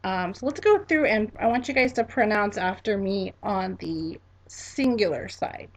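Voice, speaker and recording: A woman teaching a class, slow and patient, spelling each word letter by letter and repeating it for students to echo. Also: medium pitch, animated. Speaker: French teacher. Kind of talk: classroom lesson.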